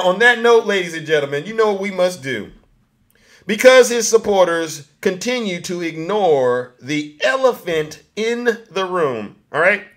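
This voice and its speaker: Male vlog host, commentary; higher-pitched, mocking, direct address to viewers. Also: fairly bright tone.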